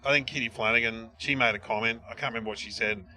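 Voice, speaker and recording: A man's voice: medium pitch, quick pace. An Australian comedian in his forties, chatting casually and rambling through stories with lots of restarts. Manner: rambling, lively storytelling with many restarts. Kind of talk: casual chat.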